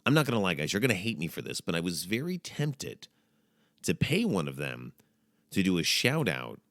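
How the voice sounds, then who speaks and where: A man's voice: deep voice, very animated, moderate pace, a bit bright, no echo, studio quality. A man hosting a casual comedic monologue, talking in a jokey, mock-dramatic way with playful asides. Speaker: podcast host.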